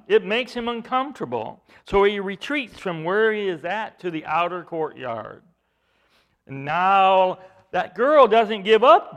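Slow, expressive preaching man. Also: high-pitched. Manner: expressive preaching, swells loud then drops soft. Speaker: pastor. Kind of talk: sermon.

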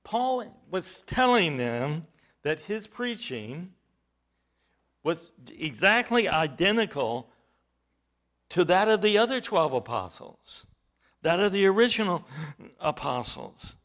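A man preaching a sermon, halting with fillers at times and then rising to loud, stressed points. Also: high voice, big pitch swings.

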